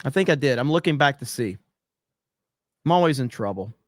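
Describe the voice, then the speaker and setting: A man's voice: mid-range voice, animated, fairly quick, no echo, studio quality. A man hosting a casual livestream, reading viewer comments aloud with jokes and frequent fillers. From USA. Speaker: livestream host reading chat.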